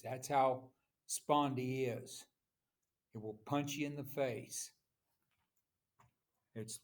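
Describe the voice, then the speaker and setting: A man teaching a recorded lesson, explaining in a slow, informal way and correcting himself as he goes. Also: mid-range voice. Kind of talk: recorded lecture.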